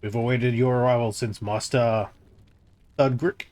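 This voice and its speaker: A man reading the lines of a formal, solemn king in a slow, measured way, close to his own voice. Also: medium pitch, fairly even intonation, a little mellow, natural voice. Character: solemn regal king welcoming a new smith.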